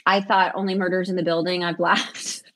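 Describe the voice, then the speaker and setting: A woman's voice: lowish voice, little pitch movement, fairly quick, a bit bright. A woman, chatting in an interview as the guest, laughing often and telling stories with animation. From American South. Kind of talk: casual interview chat.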